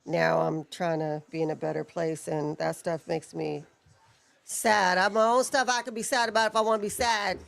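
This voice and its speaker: A woman's voice: on the low side, level tone, normal speed, creaky. A woman co-hosting a live watch-along stream, chatting casually and upbeat, calling out viewers. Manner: upbeat, reads out viewer names.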